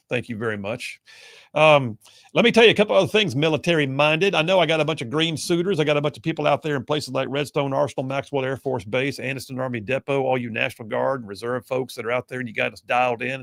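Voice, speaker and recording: A man hosting a talk radio show, energetic and folksy. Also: medium pitch, gravelly, no echo, studio quality. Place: radio studio.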